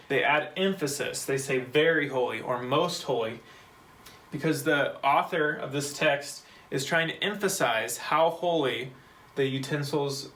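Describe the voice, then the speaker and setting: A man gives a short Bible Hebrew lesson for a church kids' program, his mid-range, slightly bright voice heard through a rough recording. He goes slowly and patiently, explaining word by word and spelling words out step by step.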